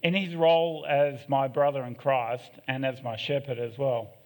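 A man's voice: medium pitch, fairly even intonation, moderate pace, darkish tone. A middle-aged man, preaching a sermon in a candid, self-deprecating way with joking asides. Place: church hall. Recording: long echo of a church hall.

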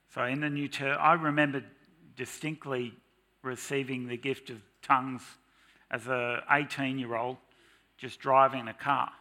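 A middle-aged man's medium-pitched voice fills a church as he preaches a spirited, dramatic sermon, mock-shouting here and there to make his points.

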